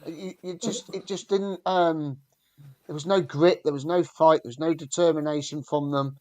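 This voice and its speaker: A man's voice: a little high, steady tone, normal speed, warm tone, no echo. A man hosting a fan show, talking football in an emphatic way with frequent repeats. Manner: repeats and restarts often, emphatic. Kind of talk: casual football chat.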